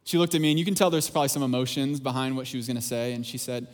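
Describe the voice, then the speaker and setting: A man preaching a sermon as pastor, earnest and emphatic, repeating phrases for weight and dropping into quieter asides. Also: medium pitch, racing, few pauses.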